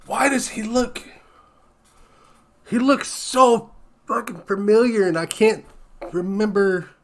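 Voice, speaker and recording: A young man hosting a casual TV reaction video, telling a lively story and laughing often. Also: high voice, slow pace. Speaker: reaction channel host.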